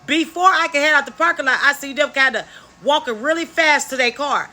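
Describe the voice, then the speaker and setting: Bright, high-voiced woman telling a story. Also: fairly quick. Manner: emphatic, candid storytelling with frequent asides to viewers; blunt, occasional cursing. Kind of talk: casual storytime monologue.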